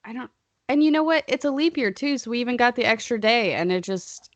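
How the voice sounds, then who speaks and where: A woman's voice: on the high side, expressive, brisk, dry recording, muffled recording. Dry-voiced woman co-hosting a chat podcast. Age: young adult. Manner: rambling, playfully sarcastic. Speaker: podcast co-host. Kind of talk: casual chat.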